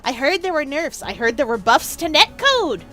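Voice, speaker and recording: Woman streamer, bubbly and playful, very high voice, bright tone. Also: sing-song, moderate pace, soft background music. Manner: bubbly, playful, with exaggerated outbursts. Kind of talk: casual live-stream chat.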